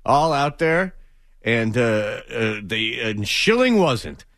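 A man's voice: mid-range voice, sing-song, slow, fairly bright tone, no echo. A man hosting a morning sports radio show in a studio, talking loose and upbeat.

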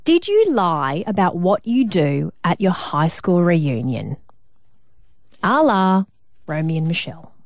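A woman's voice: on the low side, big pitch swings, takes it slowly, dry recording. A woman co-hosting a radio show, chatting casually and laughing as she acts out family members' voices. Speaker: radio co-host.

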